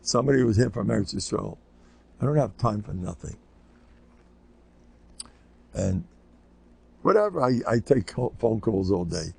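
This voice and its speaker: An older man, a rabbi, giving a rambling informal lecture full of anecdotes and Yiddish words, sometimes squeaking out children's voices. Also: animated, measured pace, vocal fry, long pauses, darkish tone, slightly rough. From United States.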